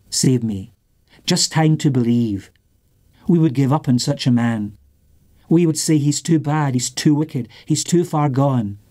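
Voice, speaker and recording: Man, preacher, sermon, slow deliberate delivery, mellow tone, rhythmic repetition. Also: medium pitch. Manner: measured, rhythmic repetition with long pauses.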